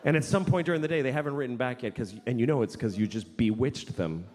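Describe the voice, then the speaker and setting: A man's voice: medium pitch, fast, a little mellow, in a large hall. A man doing stand-up comedy, ranting bluntly and crudely, and jumping into mocking voices for the people he quotes. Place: large hall with an audience.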